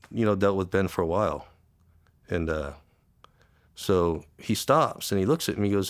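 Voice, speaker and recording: Male interview guest, former undercover cop: low voice, halting, repeats words, tearful, close dry sound. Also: expressive, no echo. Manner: halting, repeats words, acts out quoted dialogue. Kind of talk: emotional storytelling.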